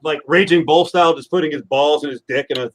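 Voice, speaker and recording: A man's voice: on the high side, fast talker. A man hosting a casual late-night podcast, teasing his guests and getting worked up. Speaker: podcast host.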